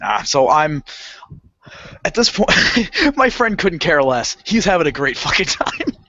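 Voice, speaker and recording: A man's voice: a little high, a little slow, no echo. A man spins a story on a podcast in a raised voice that swings up and down. He laughs and swears through it and acts out the other people's voices. The audio is dull and lo-fi. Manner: animated, swearing, laughing often, acting out voices. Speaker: podcast co-host telling a story. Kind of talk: casual storytelling chat.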